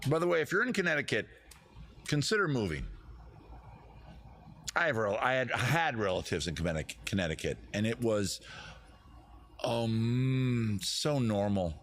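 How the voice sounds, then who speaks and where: A man's voice: medium pitch, animated, normal speed, long pauses, fairly bright tone, slight background noise. A man hosting a live comedy stream with a guitar, rambling, self-mocking and giggling at his own jokes. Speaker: host.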